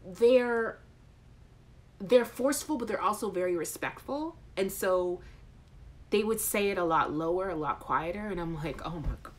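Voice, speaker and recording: A woman's voice: medium pitch, unhurried. A woman hosting a casual live chat show, reading out viewer comments in a playful, frank way. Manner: animated, playful and frank, with laughter.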